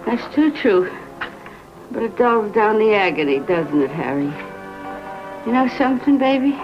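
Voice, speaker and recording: An actress playing a lonely, drunken wife who slurs and swings between sneering and sobbing, in a 1970s film drama. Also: female voice, mid-range voice, natural voice. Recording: dull lo-fi film soundtrack with score.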